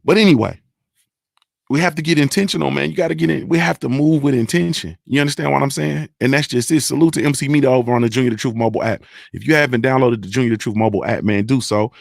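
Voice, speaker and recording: A young adult man hosting a casual livestream reads chat and speaks fast in a medium-pitched voice with vocal fry. He's emphatic, profane, and repetitive, constantly asking viewers "you understand." The studio-quality audio has no room sound.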